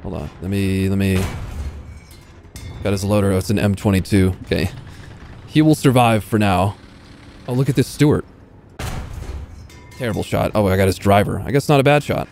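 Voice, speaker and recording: A man's voice: lowish voice, normal speed, gravelly, long pauses, darkish tone. A young man giving casual, self-mocking live commentary while playing a tank game, swearing and talking to himself. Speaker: gaming YouTuber. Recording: faint game noise behind. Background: game gunfire and vehicle sounds.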